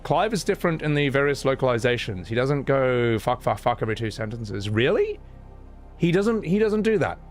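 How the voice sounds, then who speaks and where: A man's voice: mid-range voice, very animated, normal speed, faint music behind. A man, casually chatting on a live stream and reacting with exclamations and stammering restarts.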